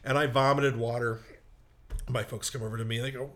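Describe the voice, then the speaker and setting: A man's voice: mid-range voice, level tone, a little fast, a bit bright. A man telling a long, rambling personal anecdote in a casual, self-mocking way. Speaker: storyteller. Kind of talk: casual storytelling on a comedy talk show.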